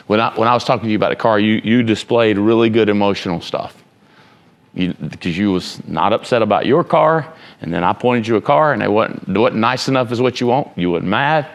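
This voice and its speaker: Gravelly low-voiced man giving a pep talk. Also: a little fast. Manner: emphatic, rambling, asks the room questions. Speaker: entrepreneur and motivational speaker. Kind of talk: informal motivational talk to students.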